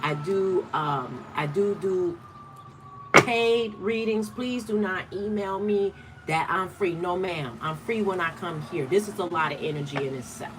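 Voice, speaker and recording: The noisy background is behind a woman from Michigan, a spiritual card reader hosting her channel's card-of-the-day livestream. Fairly low and unhurried, she keeps it casual, blunt, and repetitive for emphasis.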